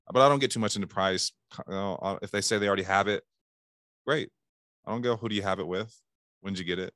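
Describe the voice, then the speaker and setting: A man's voice: low voice, a bit bright, dry recording, studio quality. A man giving casual sales coaching, talking animatedly and acting out phone calls in bursts. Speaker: sales trainer.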